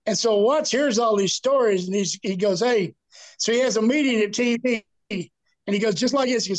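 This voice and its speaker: An older man with a drawl tells profane stories from his past. His voice sits very high for a man, and he delivers the tales in a lively, animated way. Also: moderate pace. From Texas. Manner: salty, profane, animated storyteller. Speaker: guest. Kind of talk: casual storytelling.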